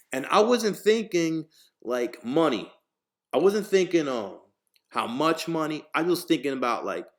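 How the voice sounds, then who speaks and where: This New Jersey podcast host has a fairly high voice and an unhurried delivery with frequent pauses. His storytelling is casual, profane, and animated, and he acts out the voices of the people in the tale.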